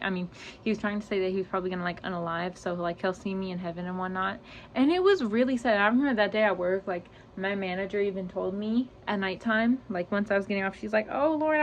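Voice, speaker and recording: A woman's voice: medium pitch, a little hiss or hum. A young woman telling a personal story to her channel, rambling and filling every gap with "like" and "you know", close to tears. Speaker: vlogger. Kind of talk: storytime vlog.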